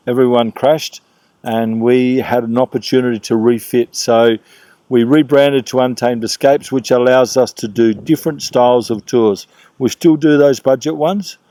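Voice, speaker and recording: A man's voice: medium pitch, warm tone, no echo. A man with an Australian accent, a tour operator chatting casually in an interview with laid-back local slang.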